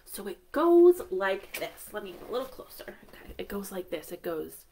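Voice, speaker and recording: A woman leading a live storytime for young children, slow and sing-song, encouraging them and asking them questions. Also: mid-range voice, big pitch swings, warm tone. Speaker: children's librarian. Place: library storytime, streamed live.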